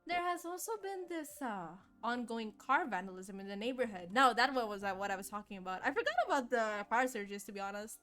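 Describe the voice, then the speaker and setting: A woman's voice: a little high, expressive, fairly quick, few pauses, a bit bright, soft background music. A woman voicing a courteous, chatty café barista in a game, speaking earnestly. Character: polite barista running a café. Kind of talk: streamer voicing game dialogue.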